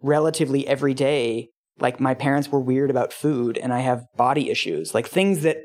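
A woman co-host in casual chat, reacting with wry, quick asides. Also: a bass voice, darkish tone. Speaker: podcast co-host.

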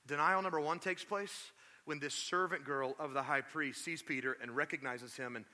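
A male pastor preaching a sermon, telling the story in a lively, conversational way with asides to the congregation. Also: a little high, normal speed. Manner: animated storytelling, acts out quotes.

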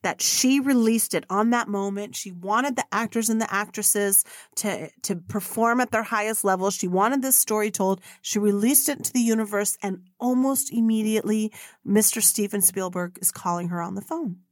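A woman's voice: medium pitch, moderate pace, no room sound, studio quality. A woman hosting a solo podcast, telling stories in a blunt, profane way and acting out the people she quotes. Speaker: podcast host.

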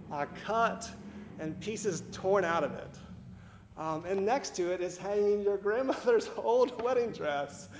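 High-voiced pastor in an echoey room. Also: male voice, slight background noise. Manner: conversational, many fillers and restarts, light laughs. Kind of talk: casual sermon.

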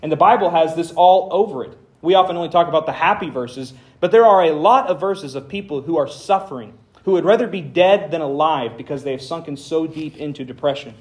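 Male pastor, fairly high voice, casual sermon delivery with deadpan jokes. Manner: conversational preaching with dry humor; reads scripture aloud with dramatic emphasis.

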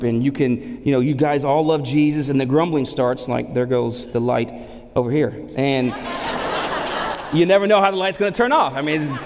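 A man preaching a sermon as pastor, animated, asking rhetorical questions and repeating words for emphasis. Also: mid-range voice, noisy background. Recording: long hall reverb.

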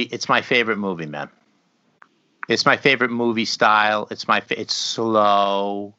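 Bright-voiced laid-back man chatting. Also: on the low side, moderate pace, smooth, no echo. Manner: laid-back, rambling, chuckles between remarks. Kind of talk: casual chat. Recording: slightly dull lo-fi recording.

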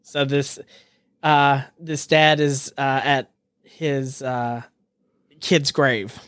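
A podcast host chatting casually, telling stories with quick asides and jokes. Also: mid-range voice, dry recording, clean studio sound. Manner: animated storyteller, quick asides, jokey. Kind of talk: casual chat.

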